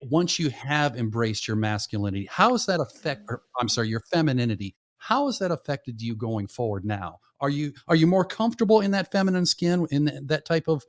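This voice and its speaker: A man's voice: mid-range voice, lively intonation, brisk, hardly any pauses. A man interviewing a guest, asking questions hesitantly and correcting himself mid-question.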